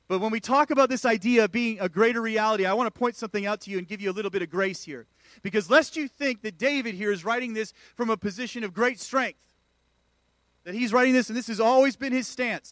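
A man's voice: sits high, a bit bright, no echo. A man preaching a sermon in a church, calling out to the congregation. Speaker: pastor.

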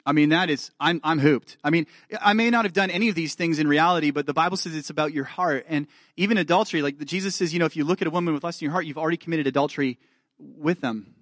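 A man's voice: on the high side, fast talker, fairly bright tone, no room sound, studio quality. A male pastor preaching a sermon, earnestly checking in with his listeners, reading scripture aloud with rising fervor and dropping into self-deprecating asides.

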